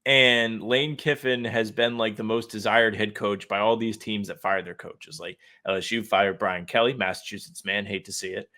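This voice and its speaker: A young man co-hosting a sports podcast, talking in a relaxed, opinionated, rambling way. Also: on the low side, moderate pace, hardly any pauses. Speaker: podcast co-host. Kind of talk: casual podcast chat.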